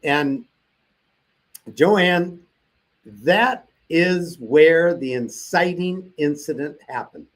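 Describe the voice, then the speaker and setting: A man's voice: a little high, expressive, extremely slow. An older man as an interview guest, telling a long personal story and acting out the voices of the people he quotes.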